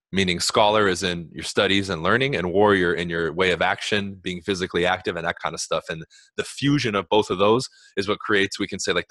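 A man co-hosting a podcast, talking in a relaxed, slangy and preachy way. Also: sits low, no echo, studio quality. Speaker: podcast co-host. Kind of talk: casual chat.

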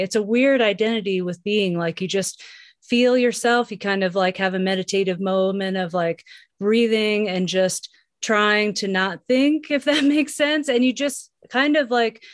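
A woman's voice: mid-range voice, normal speed, no room sound, clean studio sound. A woman co-hosting a casual podcast chat, reflective and rambling, laughing often.

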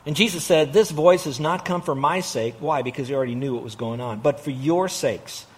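A middle-aged man delivers a sermon in a slightly high-pitched voice. He speaks with earnest conviction, pushing hard on key phrases before easing into soft, reflective asides. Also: brisk, husky. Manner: earnest preaching, rising to emphatic peaks and dropping to quiet asides. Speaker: pastor.

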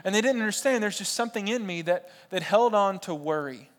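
A man's voice: high-pitched, lively intonation, fairly quick. A young man in his twenties preaching a sermon in a large church, talking straight to the crowd with jokey asides. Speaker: pastor.

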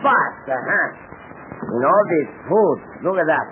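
A man's voice: a little high, animated, measured pace, narrow, tinny audio. An actor playing a wily foreign henchman who speaks broken English in a 1940s radio drama. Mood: coaxing. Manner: broken English, sly and coaxing. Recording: scratchy noisy 1940s radio broadcast.

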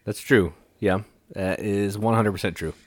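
Man, podcast co-host, low voice, dry close sound, joking banter. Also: normal speed, no room sound. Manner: jokey, agreeable banter. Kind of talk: casual chat.

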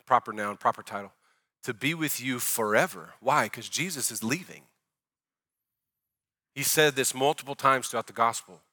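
A middle-aged male pastor preaching a sermon in an animated style, speaking directly to the congregation and acting out the voices he quotes. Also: mid-range voice.

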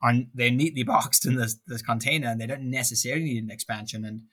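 Man, podcast co-host, casual chat, relaxed, thinks aloud, lots of restarts. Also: mid-range voice, fast.

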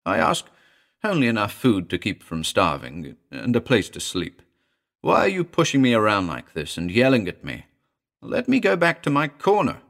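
A man's voice: fairly low pitch, wildly swooping pitch, moderate pace, creaky, a bit bright, voice pushed up, heavily acted. A man voicing a frail, timid old blind beggar woman who whimpers and pleads. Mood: frightened pleading.

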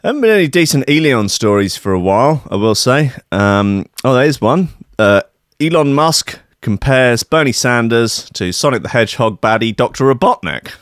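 A man's voice: medium pitch, lively intonation, normal speed, dry recording, clean studio sound. A man hosting a podcast, giving a sweary, rambling and sardonic comic rant about the news. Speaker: podcast host.

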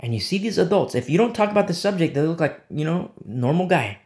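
A man preaching a sermon as pastor, swinging between low, hushed lines and sharp, high exclamations. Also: lively intonation, fast.

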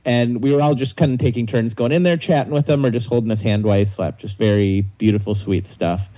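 A man's voice: mid-range voice, quick pace, rough recording. A young adult man, a comedian guest, telling stories in casual chat and laughing through them. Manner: animated storyteller, laughs through his own stories.

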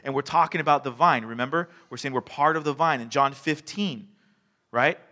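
A male pastor giving a sermon in a conversational, animated way, telling stories and laughing along the way. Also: mid-range voice, moderate pace. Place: church sanctuary. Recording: long reverb of a church hall.

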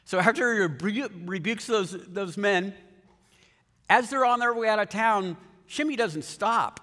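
A man preaching a sermon in a conversational, joking way, retelling scenes with animated asides. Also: sits high. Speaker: pastor. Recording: long hall reverb.

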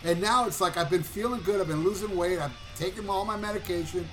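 A podcast co-host on a talk show tells a long story casually, animated and profane, doing voices and shouting the punchlines. His voice sits high and he talks fast, with music playing behind him.

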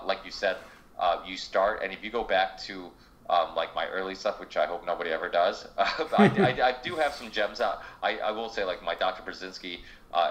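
A man with a very low voice hosts a casual podcast chat. He rambles through long stretches, restarting his sentences and swearing freely. The recording sounds somewhat dull and lo-fi. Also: fairly bright tone. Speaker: podcast host.

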